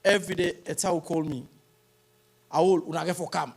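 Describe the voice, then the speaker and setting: Sierra Leonean man, somewhat high-pitched, halting and rambling funeral tribute, drifts between Krio and English. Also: steady tone, vocal fry. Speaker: funeral speaker.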